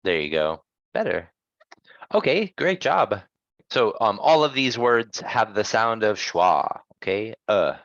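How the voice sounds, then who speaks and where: A man leads an online pronunciation class at a slow, patient pace. His voice is close and dry. The sound is a little muffled, like call audio. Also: lowish voice, very animated, fairly bright tone, dry recording. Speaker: English pronunciation teacher.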